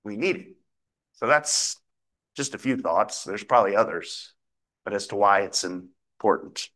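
A man preaching a sermon in a conversational way, asking rhetorical questions and reading scripture aloud slowly and with emphasis. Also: fairly low pitch, animated, fairly bright tone. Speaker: pastor.

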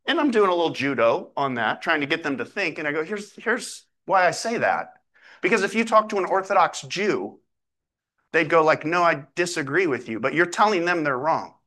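A man preaching a sermon in a conversational way, asking rhetorical questions and reading scripture aloud slowly and with emphasis. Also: fairly high pitch, animated, bright, forceful tone. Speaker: pastor.

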